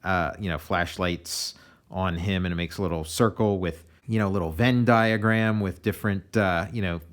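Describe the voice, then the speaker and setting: An American comic artist giving a relaxed, meandering commentary on his own pages, often restarting his sentences. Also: sits low, moderate pace. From United States.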